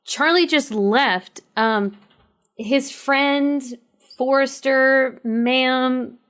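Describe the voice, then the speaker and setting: A woman's voice: sits high, drawn-out words, fairly bright tone, clear, resonant tone. Hesitant woman playing in a tabletop game. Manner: hesitant, lots of fillers and restarts. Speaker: player. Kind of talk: tabletop role-play, in character.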